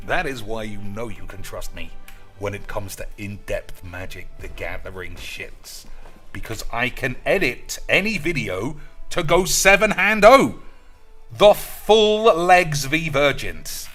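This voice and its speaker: A man commenting on his own gameplay, crude and foul-mouthed, ranting one moment and mock-boasting the next. His voice is bright and forceful at an ordinary middle pitch. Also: expressive, takes it slowly, faint music behind. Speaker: gaming streamer.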